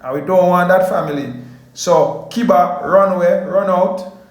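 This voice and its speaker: A man's voice: high voice, measured pace, reverberant, poor audio. A man from Jamaica with a Jamaican accent, giving heated casual commentary to camera as a vlogger, repeating his stock phrases. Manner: heated, repetitive, keeps saying "you know what I mean" and "family".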